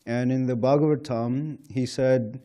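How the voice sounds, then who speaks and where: A man teaches a relaxed scripture class in a temple lecture hall, chuckling and saying "you know" often. He speaks in a warm, mid-range voice at a measured pace, with fairly even intonation.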